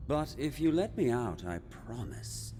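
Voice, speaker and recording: A sly imprisoned trickster god. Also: male voice, medium pitch, very animated, a little slow. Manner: smooth, drawling, mischievous. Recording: game audio with long reverb and music. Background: game music.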